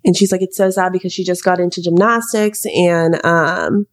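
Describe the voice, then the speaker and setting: An American woman in her twenties co-hosts a podcast, telling a long story in casual chat peppered with "like" and "um." Her voice is lowish and her pace moderate.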